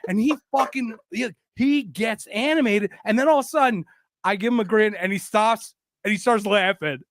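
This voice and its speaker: A high-voiced man hosts a casual podcast, telling stories with jokes and the odd swear. His voice sits close and dry, with no room around it. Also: moderate pace, no echo. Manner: animated, joking, profane. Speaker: podcast host. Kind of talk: casual storytelling chat.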